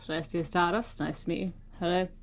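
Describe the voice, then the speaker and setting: A woman's voice: on the low side, fairly even intonation, quick pace. A woman player in a tabletop game, casually describing her character's lazy, laid-back moves.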